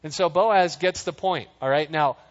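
A man's voice: on the high side, normal speed. A man preaching a casual sermon, reading scripture and joking through the story in a chatty way, sometimes acting out the voices. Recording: dull sound, long hall reverb.

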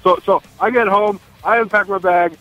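A man's voice: high voice, steady tone, moderate pace, no room sound, dull audio, faint music behind. A male caller chatting on a radio show, eager and stammering with repeated words. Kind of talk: call-in chat.

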